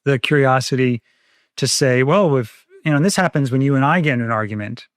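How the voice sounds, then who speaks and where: A man's voice: medium pitch, fairly quick, dry recording, studio quality. A man co-hosting a parenting podcast, talking in a reflective, casual way and explaining ideas through everyday examples.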